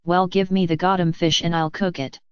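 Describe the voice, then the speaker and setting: Scandalized old priest guy, woman doing him, lowish, dry. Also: level tone, fairly quick, smooth, no echo, highs cut off, lightly acted. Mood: scolding. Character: shocked elderly male monsignor.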